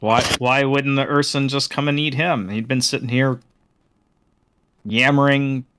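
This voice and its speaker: A man's voice: medium pitch, steady tone, measured pace, a bit bright, clean tone. A man playing a tabletop game who keeps asking probing questions. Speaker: player.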